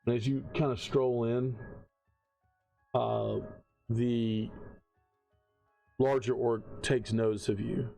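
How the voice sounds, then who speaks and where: A man narrating a tabletop game as game master, casual and halting, with many ums. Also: mid-range voice, flat delivery, vocal fry, warm tone, soft background music. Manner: casual, hesitant with many fillers.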